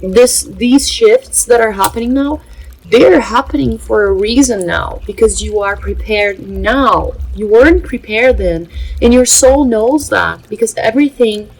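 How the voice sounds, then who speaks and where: A rough recording captures a Brazilian woman, Portuguese by first language, hosting casual spiritual vlog talk. Her voice is a little high, with vocal fry and a breathy edge. She sounds earnest, though halting and given to filler pauses.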